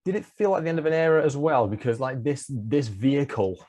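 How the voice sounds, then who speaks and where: A man's voice: medium pitch, animated, a little fast, a little mellow. A man hosting a podcast interview, chatting casually and swearing now and then. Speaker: podcast host.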